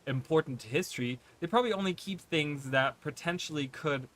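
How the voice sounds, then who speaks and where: A man's voice: a little high, brisk, a bit bright. Chatty man streaming a game. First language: not English. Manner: rambling, many fillers and restarts. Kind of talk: casual gameplay commentary.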